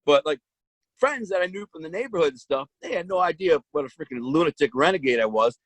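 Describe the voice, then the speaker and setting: A man's voice: on the high side, lively intonation, quick pace, no room sound, poor audio. A man casually telling his own story in blunt street slang, with frequent restarts.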